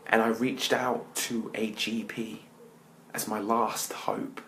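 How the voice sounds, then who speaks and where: A man, a motivational speaker, telling his personal story to an audience with dramatic pauses, often dropping his voice to near-whispers. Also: on the low side, flat delivery, fairly bright tone, a little hiss or hum, low-quality recording.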